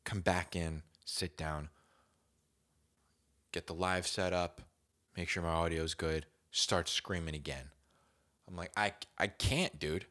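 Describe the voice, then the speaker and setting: A young man hosting his own podcast, telling a casual story in a slangy, animated way, dropping to whispers and jumping to shouts as he acts it out. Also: low-pitched, slow, pauses often. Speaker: podcast host.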